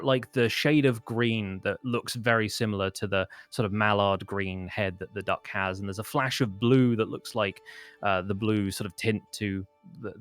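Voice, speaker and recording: A man's voice: lowish voice, a bit bright, no echo. A man narrating a tabletop game as game master, rambling with many fillers and restarts.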